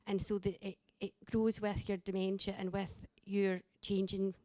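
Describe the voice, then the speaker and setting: A woman's voice: mid-range voice, flat delivery, normal speed, dark tone, no room sound. Woman, earnest and direct, addressing a conference audience; dry close sound. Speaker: carer and daughter, speaker. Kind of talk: conference talk.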